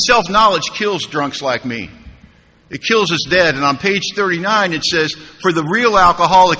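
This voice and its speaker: A man's voice: medium pitch, bright, forceful tone. A man speaking at a recovery convention, telling his story with humor and rhetorical questions to the room. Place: large conference hall. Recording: hall reverb, faint room noise.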